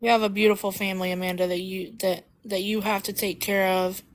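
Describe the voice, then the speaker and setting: A woman's voice: medium pitch, little pitch movement, brisk, no echo. A woman in a casual livestream chat, agreeing emphatically and backing up her friends.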